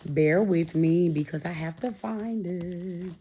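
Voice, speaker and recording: A woman's voice: fairly low pitch, slow pace, warm tone. A woman giving a casual tarot reading straight to her viewers, encouraging and repeating phrases for emphasis. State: getting emotional. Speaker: tarot reader.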